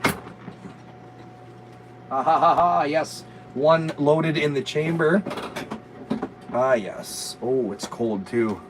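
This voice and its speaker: A man's voice: a little high, very slow, pauses often. A man hosting a rowdy vlog from a motorhome, crude and joking with lots of swearing. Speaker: vlog host. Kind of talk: rowdy casual chat. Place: inside a motorhome. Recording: distant mic, noisy motorhome.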